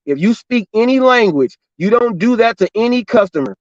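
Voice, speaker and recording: In a high voice at normal speed, a middle-aged Southern California man from LA and Orange County, who drives deliveries and hosts a show, casually tells a story. He acts out the dialogue with animated repetition, and the lo-fi audio has no room sound.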